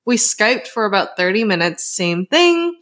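A woman's voice: medium pitch, big pitch swings, unhurried, fairly bright tone. Chatty woman podcast co-host. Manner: laughs often, reads listener stories aloud with asides. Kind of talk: casual chat and story reading.

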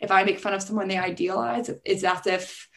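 A woman's voice: medium pitch, steady tone, a little fast, vocal fry, a bit bright. A young adult woman talking as a podcast guest in a casual interview, chatty and full of "like", acting out the voices she quotes. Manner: chatty, heavy use of "like", acts out quoted voices.

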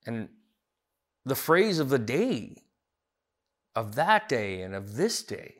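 A man's voice: mid-range voice, very animated, unhurried. A man as pastor preaching a sermon, earnest, building to emphatic repeated phrases. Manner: earnest, rising emphatic repetitions.

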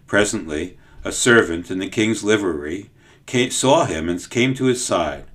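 A man narrates a children's story, reading in a measured, expressive way. His voice is low but lively and swings widely in pitch. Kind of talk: audiobook storytelling.

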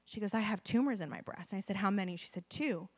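Woman preacher, lively storytelling sermon, drops to near-whispers for emphasis. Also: medium pitch, quick pace, slightly rough. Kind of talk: sermon with testimony.

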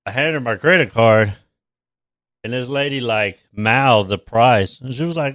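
A man's voice: mid-range voice, measured pace, a bit bright, dry recording, clean studio sound. A man chatting casually on a stream, swearing a lot and laughing often. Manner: laughs often, crude and drawling. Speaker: stream co-host. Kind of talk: casual profane chat.

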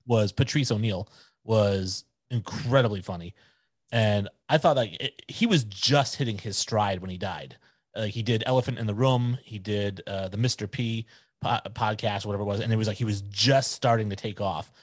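A man's voice: fairly low pitch, normal speed, dry recording. A man in his forties, a podcast guest chatting casually in an easygoing, opinionated way.

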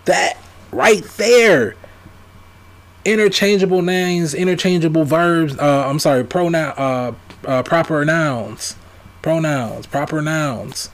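A man giving a ranting commentary, emphatic and repetitive, firing off rhetorical questions. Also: a little high. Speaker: vlogger.

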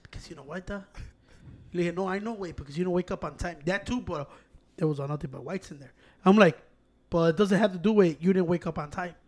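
A man in casual banter, animated and profane, slipping between English and Spanish. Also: sits high, quick pace.

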